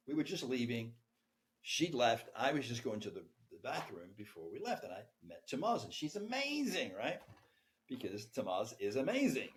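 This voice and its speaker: A man telling a candid personal story as a podcast guest. He talks animatedly and keeps asking "right?". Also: medium pitch.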